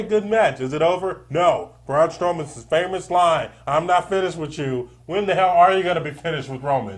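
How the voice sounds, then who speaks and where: Male podcast co-host, casual chat, animated, breaks into acted-out quotes. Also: a little high. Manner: animated, acts out quoted wrestler lines.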